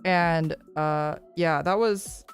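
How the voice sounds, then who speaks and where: A woman streamer telling a story in casual chat, animated and rambling, full of "like" and restarts. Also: deep voice, extremely slow, soft background music.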